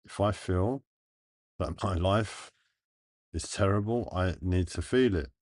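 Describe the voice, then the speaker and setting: Pausing and restarting frequently, a live streamer thinks aloud to his viewers in halting phrases. He speaks slowly and earnestly in a deep, low voice with a darkish tone. The sound is close and dry, lacking any room echo.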